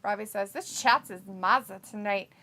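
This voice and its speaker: A woman hosting a live watch-along stream, reading viewer chat messages aloud with quick laughs in casual talk. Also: medium pitch, vocal fry, pushed and bright, slight background noise.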